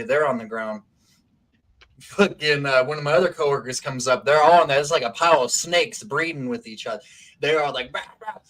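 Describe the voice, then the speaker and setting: A man casually telling a wild story on a talk stream, swearing a lot and acting out what people said. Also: medium pitch. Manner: profane, animated, acts out quotes.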